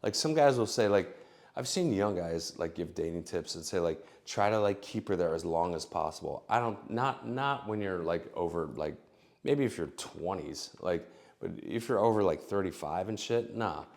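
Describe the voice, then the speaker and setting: A man's voice: low voice, lively intonation, normal speed, a little mellow. Rambling middle-aged man giving dating tips. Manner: rambling, filler-heavy, acts out both sides of conversations. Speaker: dating advice vlogger. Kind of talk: casual advice monologue.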